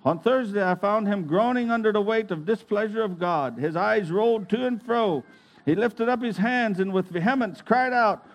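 A man reads a religious account aloud in a solemn, measured way. His voice sits high for a man. He takes the text deliberately and stumbles now and then on a word. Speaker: reader.

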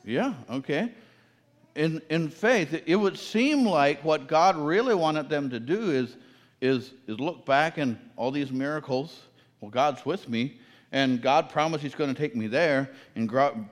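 A man's voice: mid-range voice, in a large hall. A man preaching a sermon, asking his listeners questions and repeating key phrases for emphasis.

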